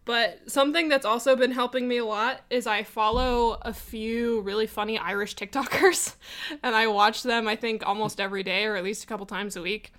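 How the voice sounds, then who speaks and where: Bright, slightly high woman, young adult, rambling, filler-heavy, casual podcast chat. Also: steady tone, normal speed. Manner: chatty, with many fillers and laughs. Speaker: podcast player asking listener questions.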